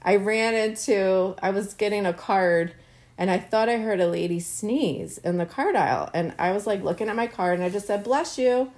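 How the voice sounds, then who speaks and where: A woman's voice: medium pitch, normal speed, darkish tone. A middle-aged woman co-hosting a podcast, chatting earnestly and telling stories with lots of fillers. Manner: earnest, storytelling, many fillers. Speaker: podcast co-host. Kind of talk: casual chat.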